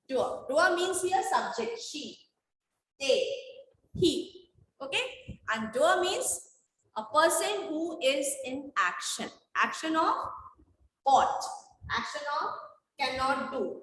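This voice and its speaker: A woman teaching grammar in an online class, speaking slowly and repeating questions to her students. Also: high voice, sharp tone, echoey room, slight background noise. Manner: slow, repetitive, quizzing students. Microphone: video call.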